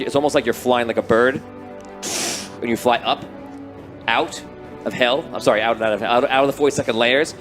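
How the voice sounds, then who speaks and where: A man running a tabletop game, describing the scene in a rambling, excited way with many restarts. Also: lowish voice. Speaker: game master.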